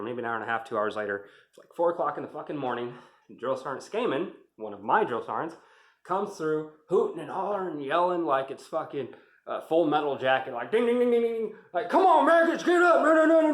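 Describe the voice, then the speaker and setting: Guy rambling about army days, cusses a lot, gets heated, middle pitch, echoey room. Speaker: army veteran vlogger. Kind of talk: casual storytelling. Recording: roomy echo.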